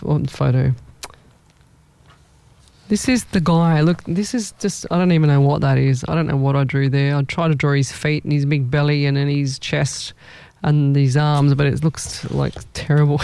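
A rambling woman giving live-stream medium readings in a warm, mellow voice. Her tone is smooth and clear, recorded dry and close with no room sound. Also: low voice, no room sound. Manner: chatty and rambling, repeats words. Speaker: psychic medium host.

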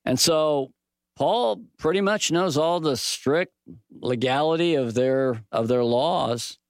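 Man, middle-aged, folksy Bible teacher, storytelling, animated quoted dialogue, dry close sound. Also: a little high, slow pace, no echo. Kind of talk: conversational Bible teaching with stories.

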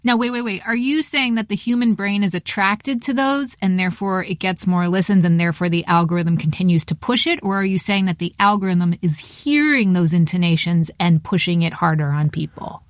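Lower-voiced woman interviewer. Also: a little fast, hardly any pauses, no echo, clean studio sound. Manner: probing, asks follow-up questions. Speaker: radio host, interviewer. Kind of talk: conversational interview.

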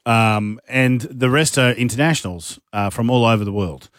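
A man's voice: medium pitch, moderate pace, dry recording. A man with an Australian accent co-hosting a radio show, chatting playfully and laughing as he talks, in a studio. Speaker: radio co-host. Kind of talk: casual radio banter.

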